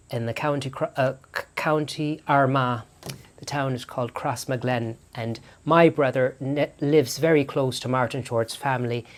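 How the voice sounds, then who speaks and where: A man putting on a chatty older aunt. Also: rumbling low. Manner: insistent, rambling with self-corrections. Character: chatty older Irish aunt, eager matchmaker.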